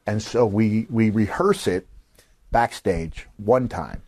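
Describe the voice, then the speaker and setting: An older man tells stories on a podcast in a low, close-miked voice with no room sound around it. He acts out the people he quotes and lets his voice jump up to a shout at the punchlines. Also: takes it slowly, no echo. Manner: animated storyteller acting out quoted voices, voice jumps to a shout on punchlines. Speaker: podcast host. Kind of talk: casual storytelling.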